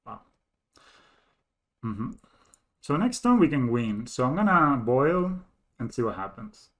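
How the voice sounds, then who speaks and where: A man calls his own card game out loud, counting damage under his breath and talking through each choice. His voice is mid-pitched and swings up and down a lot. He sounds like a streamer at a desk mic. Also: slow. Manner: thinks aloud, counting and muttering, bursts into excited laughing disbelief. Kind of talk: live gameplay commentary.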